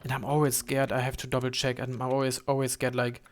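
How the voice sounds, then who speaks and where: A man's voice: mid-range voice, monotone, a little hiss or hum. Rambling young man streaming a game. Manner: rambling, halting, many fillers and restarts, swears. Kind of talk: casual gameplay commentary.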